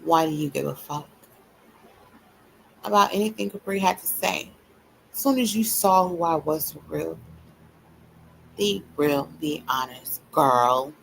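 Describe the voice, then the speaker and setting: A woman's voice: low voice, measured pace, gravelly, long pauses, slight background noise, rough recording. A woman hosting a livestream, ranting bluntly and profanely at her viewers in a taunting, repetitive cadence. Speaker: livestream host.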